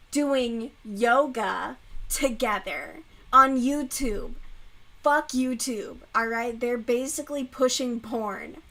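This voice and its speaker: A young woman hosting a casual live stream while she crochets, rambling and swearing freely, and getting loud and animated when she rants. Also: on the high side, poor audio. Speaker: livestream host.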